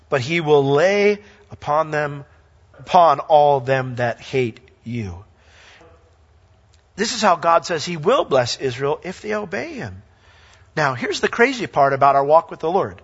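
A male pastor preaching a sermon in an animated way, reading scripture aloud and acting out little dialogues. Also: on the high side, unhurried, breathy edge. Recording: lo-fi sound with long hall reverb.

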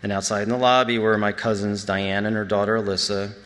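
Earnest low-voiced man in a hall. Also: level tone, fairly quick, fairly bright tone. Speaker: church speaker. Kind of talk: personal testimony sermon. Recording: long reverb in a big hall.

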